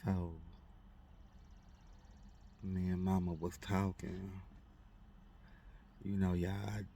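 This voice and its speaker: A man with a very low, gravelly voice tells a personal story to his followers. He speaks slowly and warmly, repeats his phrases, and turns to his listeners directly. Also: level tone, slight background noise.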